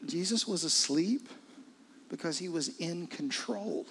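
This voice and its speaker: A middle-aged man preaching a sermon, his delivery swinging from hushed, intimate lines to loud, urgent ones. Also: on the high side, lively intonation, a little slow, a little hiss or hum. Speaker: pastor.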